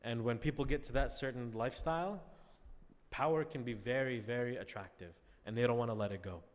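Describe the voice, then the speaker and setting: Male class teacher, conversational lecture style, medium pitch, reverberant classroom sound. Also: fairly quick. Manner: conversational, checks in with "all right?" often. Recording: long reverb.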